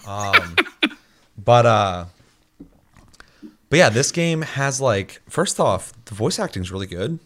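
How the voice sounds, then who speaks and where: A man in casual chat, loose and profane, rambling with lots of fillers and quick mimicked asides. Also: fairly low pitch, very animated, sharp tone.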